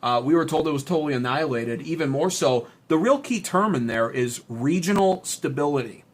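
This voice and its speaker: His voice runs high, brisk and expressive as this U.S. political streamer works through chat messages, ranting sarcastically with plenty of swearing and heat.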